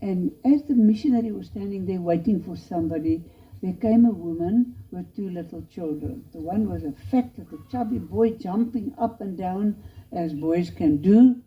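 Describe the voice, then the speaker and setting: A woman's voice: on the low side, moderate pace. Earnest woman preaching. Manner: earnest, pleading, storytelling. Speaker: missionary preacher. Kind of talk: sermon with missionary appeal. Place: church chapel. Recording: lo-fi dull recording.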